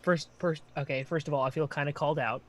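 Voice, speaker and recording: Casual chat, mid-range voice, wry, deadpan. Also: medium pitch, quick pace.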